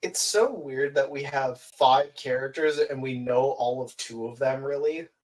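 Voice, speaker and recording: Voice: mid-range voice, measured pace. A podcast co-host chatting casually, adding short remarks about an anime. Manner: brief agreeing interjections. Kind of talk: casual chat.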